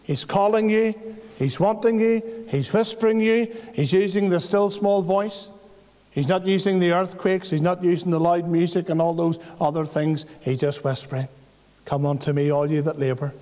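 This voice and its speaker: Northern Irish man preaching, earnest and pleading, higher voice, long church reverb. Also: moderate pace, dark tone. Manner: earnest, pleading, with homely everyday examples. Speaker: visiting preacher. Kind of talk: evangelistic church testimony preaching. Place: church hall.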